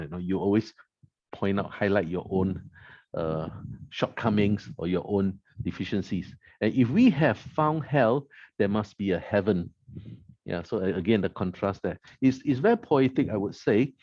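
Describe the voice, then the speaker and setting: A man's voice: fairly low pitch, lively intonation, normal speed, darkish tone, slightly rough, no echo, muffled recording. A man at a club meeting, reviewing the evening's speeches, quoting lines back and naming the rhetorical devices in them. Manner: analytical, quotes lines and names rhetorical devices. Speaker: meeting evaluator.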